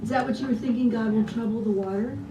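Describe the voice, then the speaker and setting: A woman's voice: fairly even intonation, fast, crowd noise. A woman minister preaching a conversational sermon, chatty and often asking the congregation rhetorical questions. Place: church sanctuary. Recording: roomy, distant church sound with faint rumble.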